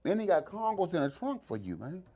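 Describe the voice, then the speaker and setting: A man's voice: sits high, fairly quick. A man with a D.C. telling a long story in casual talk, acting out the voices of the people in it. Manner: animated, acts out voices in his stories.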